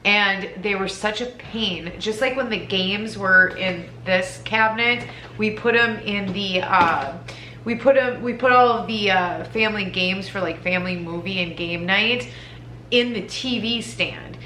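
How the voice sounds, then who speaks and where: A woman's voice: mid-range voice, a little slow, pushed and bright. A woman vlogger chatting casually and hesitantly while she cleans at home, recorded in her house. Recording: echoey room, faint background hum.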